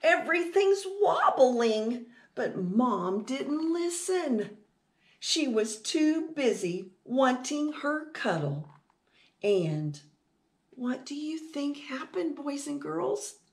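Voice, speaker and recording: A woman's voice: high-pitched, big pitch swings, extremely slow, darkish tone, reverberant. A woman reading a picture book aloud to children, sing-song and asking them questions. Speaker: children's storytime reader.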